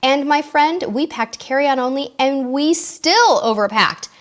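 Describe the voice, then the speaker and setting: A woman with a slightly high voice hosts a live online Q&A. She reads viewers' questions aloud and answers each one in a relaxed, chatty way, talking straight to her audience. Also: measured pace. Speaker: host of a live cruise Q&A. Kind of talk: casual live-stream chat.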